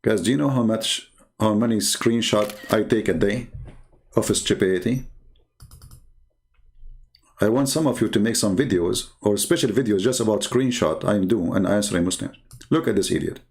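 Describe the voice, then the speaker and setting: A man's voice: lowish voice, normal speed, creaky, long pauses, a little mellow. A man delivering a combative, mocking monologue as an online religious debater, growing heated as he makes his points. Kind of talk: impassioned monologue.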